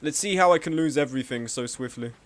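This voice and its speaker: Male streamer, fairly high voice, self-mocking swearing banter with viewers. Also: fast. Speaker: game streamer. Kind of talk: casual live-stream chat while gaming.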